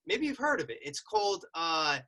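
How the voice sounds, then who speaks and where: A man's voice: a little high, sing-song, moderate pace, bright, forceful tone. A man from the United States, a podcast host chatting with enthusiasm and slang. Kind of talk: casual podcast chat.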